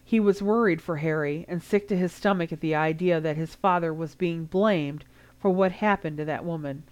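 Female audiobook reader, lowish voice, steady storytelling. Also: moderate pace. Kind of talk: reading fan fiction aloud.

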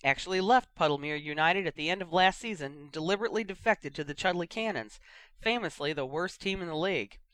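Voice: medium pitch, fast talker, no room sound, lightly acted. A reader voicing a cheeky young male commentator calling a match in an audiobook. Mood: brash. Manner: brash, excitable. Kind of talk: audiobook reading.

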